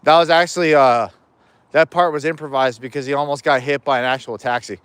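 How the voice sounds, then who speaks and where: In this casual live chat, a man rambles, cracks jokes and swears freely while walking home outdoors on a livestream. His voice is medium-pitched, steady, brisk, a bit bright, clear and resonant. The dry audio comes from a chest-mounted POV camera.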